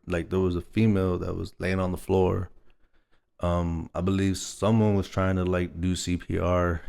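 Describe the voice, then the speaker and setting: A man's voice: low voice, vocal fry. A young man from Texas, telling a personal story in a rambling, casual way, full of "like" and "you know what I mean". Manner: rambling, filler-heavy, laughing storyteller.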